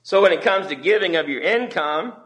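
A man's voice: high voice, animated, a little fast, fairly bright tone. A man preaching as a pastor in a church, talking in a conversational way and acting out the voices he quotes. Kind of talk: sermon.

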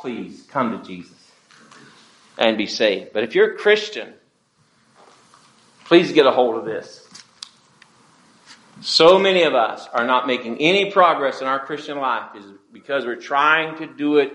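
Emphatic preacher in an echoey church. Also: male voice, medium pitch, lively intonation, unhurried, pauses often, fairly bright tone. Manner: emphatic, call-and-response. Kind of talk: sermon.

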